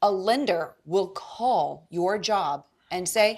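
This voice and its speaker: A woman real estate agent chatting as a podcast guest, telling a story with lively acted-out quotes. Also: mid-range voice, slow, hardly any pauses, husky. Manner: animated storyteller, acts out quoted voices. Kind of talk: casual podcast chat.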